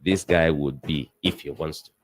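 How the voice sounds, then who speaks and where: A man's voice: extremely low pitch, fairly even intonation, normal speed, dry recording. A man speaking as a panelist on a political talk show, emphatic and repeating his points for effect.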